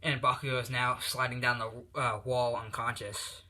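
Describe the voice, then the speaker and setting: A man's voice: medium pitch, level tone, moderate pace, sharp tone. A man telling an improvised fan story in a rambling way full of fillers, recorded on a tablet.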